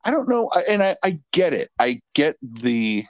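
A man co-hosting a podcast, thinking aloud in a reflective, halting, casual way. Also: on the high side, very animated. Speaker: podcast co-host.

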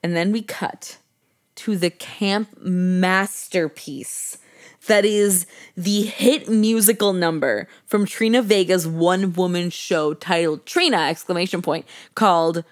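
A woman's voice: lowish voice, slow pace. Giggly young woman gushing on a podcast. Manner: giggly, gushing, heavy use of "like". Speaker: podcast co-host. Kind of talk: casual chat recapping a TV episode.

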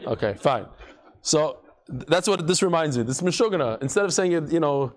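Lively, high-pitched male Talmud teacher, playing out stories in class. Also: a little fast. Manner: animated, acts out quotes with shifting voices and jokes.

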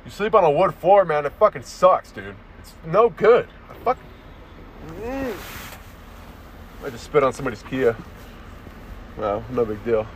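A young man rants through a comedy podcast monologue, swearing freely and tacking "dude" onto his lines. His voice sits a bit high for a man. It is recorded on a phone held close to his face outdoors, with faint street sounds behind him. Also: big pitch swings, measured pace, pauses often, slight background noise. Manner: crude, swearing, says "dude" constantly. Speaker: podcast host. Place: outdoors in a town, near parked cars.

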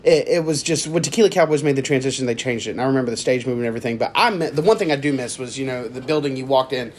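A man hosting a podcast in casual chat, animated and quick to laugh. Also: medium pitch, a little hiss or hum. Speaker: podcast host.

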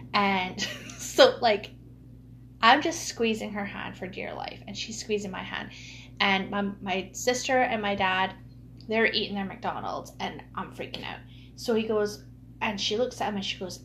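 Woman, animated casual storyteller, mid pitch, light hum behind. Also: measured pace. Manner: animated, laughing storytelling with many fillers. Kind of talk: casual chat.

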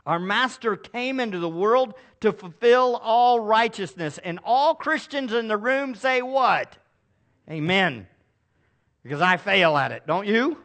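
A man's voice: sits high, animated, a little slow, a bit bright. A male pastor preaching a sermon to a congregation, emphatic and calling for responses. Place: church service with a congregation.

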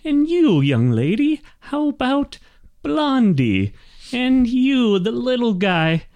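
A man's voice: very high voice, huge pitch swings, slow, a little mellow, voice pushed up, full character voice. A man voicing a senile, oblivious old male gnome wagon master who rambles cheerfully. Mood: cheery.

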